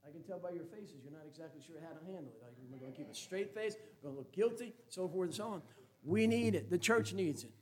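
A man's voice: high-pitched, animated, fast. A man preaching a sermon as a Baptist pastor, folksy and joking, then emphatic.

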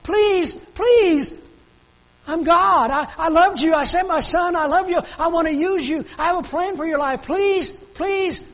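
A male preacher voicing God as a grown man who pleads and begs, his voice climbing toward near shouts. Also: very high voice, unhurried, voice pushed up. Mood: pleading.

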